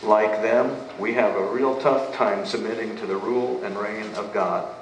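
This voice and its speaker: Low-voiced pastor preaching in an echoey church. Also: male voice, fairly even intonation, moderate pace. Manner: emphatic, asks and answers rhetorical questions. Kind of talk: sermon. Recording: echoey room, mic at a distance, faint background noise.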